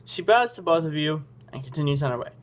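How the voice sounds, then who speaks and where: A man's voice: on the high side, steady tone, fast talker. Goofy man reading a story game aloud. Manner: goofy, self-mocking. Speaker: game channel host.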